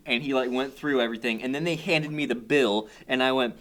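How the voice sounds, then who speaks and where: A man's voice: medium pitch, brisk, fairly bright tone. A young man co-hosting a casual panel chat, telling long rambling stories full of restarts. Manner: rambling storyteller, many restarts. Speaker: co-host.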